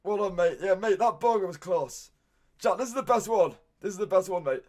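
A British man streaming live, reacting to viewers' meals with excited outbursts and constant "mate". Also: high voice, a little fast.

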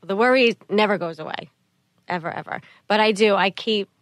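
A middle-aged woman, a mother, speaking as an interview guest in a soft, earnest way, often repeating her phrases. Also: mid-range voice, normal speed. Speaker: guest, mother of a sick child. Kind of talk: interview conversation.

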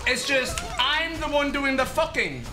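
A man's voice: very high voice, very animated, a little slow. A man streaming a video game, trading crude, taunting trash talk and complaining at teammates. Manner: crude, taunting, laughing banter. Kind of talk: casual gameplay trash talk. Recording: echoey room with game music.

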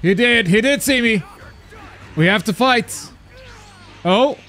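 A high-voiced man commentates live gameplay, and his pitch swings widely all the time. He drops into mumbled asides and then bursts into loud, excitable yelps. Faint game music plays behind him. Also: slow pace. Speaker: gaming YouTuber.

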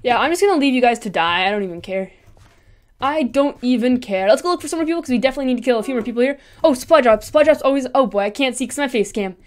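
Excitable high-voiced woman gaming. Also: racing, hardly any pauses. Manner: excitable, chattering to herself and taunting opponents. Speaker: gaming channel host. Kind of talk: live gameplay commentary.

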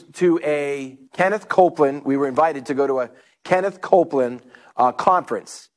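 High-voiced storytelling male pastor. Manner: storytelling preacher, animated, acts out quotes. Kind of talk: sermon.

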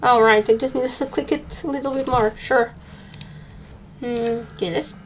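A woman's voice: fairly high pitch, steady tone, unhurried, slight background noise. A woman streaming a game with casual, joking commentary and flustered muttering. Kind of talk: casual let's-play commentary.

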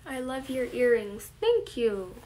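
A 21-year-old woman hosting a casual live stream, reading viewer comments aloud and answering them in a relaxed way. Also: a little high, takes it slowly. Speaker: livestream host. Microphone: phone camera.

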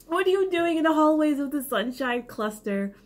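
A woman's voice: high voice, expressive, moderate pace, voice pushed up. A tipsy woman voicing a firm, blunt teenage boy who needles and questions. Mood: needling.

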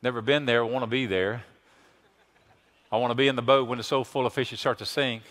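A man preaching a sermon as pastor, emphatic, swinging from hushed lines to loud exclamations. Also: medium pitch, fairly even intonation, a little fast.

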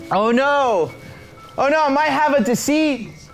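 A man seeking hiders in a game, joking, pleading and yelling mock police calls. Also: very high voice. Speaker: seeker in a hide-and-seek video. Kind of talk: playful game commentary.

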